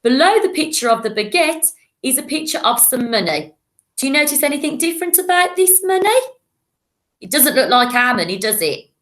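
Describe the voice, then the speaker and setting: A woman speaks to young children in a clear, patient and encouraging voice. Her voice sits a little high. She sounds like a primary school teacher recording a lesson. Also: sing-song, a little fast, a bit bright.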